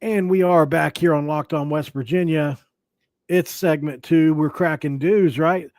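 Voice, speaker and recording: A man's voice: a little high, steady tone, measured pace, darkish tone, no echo. A man hosting a sports podcast in a casual, rambling way, with restarts and jokey asides. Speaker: podcast host.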